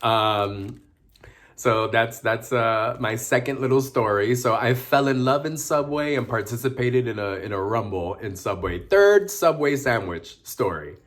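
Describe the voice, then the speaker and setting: A man casually telling personal stories to the camera in a chatty, animated way. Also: medium pitch, a little slow. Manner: chatty, animated, with dramatic outbursts. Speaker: vlogger. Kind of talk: casual storytelling vlog.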